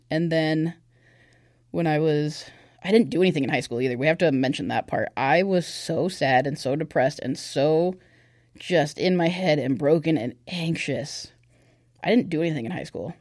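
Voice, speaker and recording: Speaking at a moderate pace in a low, darkish voice, a young woman shares her personal testimony on a podcast. The tone is casual and candid with lots of fillers, and the clean studio sound has no room sound.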